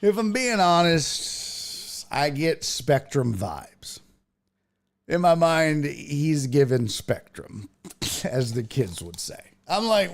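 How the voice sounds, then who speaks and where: A man hosting a podcast, telling a story in casual chat, swearing freely and building to loud rants. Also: on the high side, slow, gravelly. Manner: profane, animated, rising to loud rants. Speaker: podcast host.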